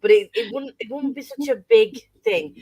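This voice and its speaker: Animated, swearing woman on a dry mic. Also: fairly high pitch, moderate pace, husky, no echo. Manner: animated, swears and laughs a lot. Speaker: guest book reviewer. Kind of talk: casual book club chat.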